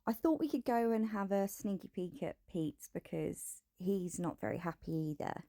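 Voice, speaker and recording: A woman's voice: medium pitch, normal speed, warm tone, no echo. A woman hosting a commentary channel, talking over clips in a dry, scornful way.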